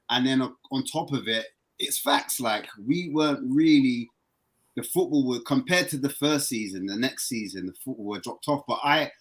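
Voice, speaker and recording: On a casual podcast, a male guest who follows football talks in an animated, excitable way. When he gets worked up, his voice jumps higher.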